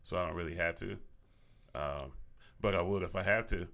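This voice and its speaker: Very deep gravelly man, laid-back. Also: normal speed, fairly bright tone. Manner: laid-back, brief agreeing replies. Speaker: podcast co-host. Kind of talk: casual chat.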